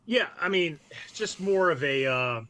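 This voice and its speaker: A man's voice: fairly high pitch, animated, moderate pace, fairly bright tone. A man, a military veteran, telling war stories as a podcast guest in a blunt, profane way. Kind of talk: casual podcast interview.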